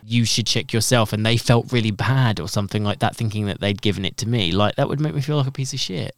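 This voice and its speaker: A man with a smooth, resonant voice chats earnestly as a podcast co-host, often restarting his sentences as he thinks. The recording is dry and close. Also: fairly low pitch, fast talker, no room sound. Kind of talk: casual chat.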